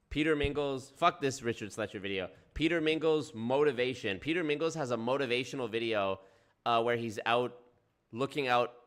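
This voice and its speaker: A man hosts reaction commentary, crude and mocking, with plenty of swearing. His voice is bright and forceful. His pitch sits in the middle. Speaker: commentary host.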